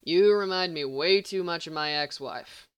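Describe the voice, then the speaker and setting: A woman's voice: lowish voice, moderate pace, clean tone, no room sound, close to an everyday voice. A woman reading the lines of a cocky hitman who talks in a lazy drawl. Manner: drawling, casual.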